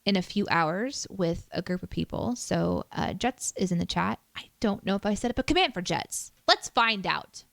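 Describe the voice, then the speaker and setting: A woman's voice: medium pitch, animated, normal speed, gravelly, few pauses, a bit bright, no echo. Chatty woman streamer, dry sound. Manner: chatty, self-deprecating, reads chat aloud. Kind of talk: casual livestream chat.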